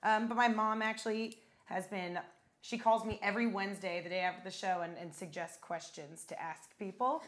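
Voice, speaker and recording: A woman co-hosting a live music show, chatting playfully and laughing easily between quick quips. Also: medium pitch, fairly even intonation, fairly bright tone. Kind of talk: casual on-air chat.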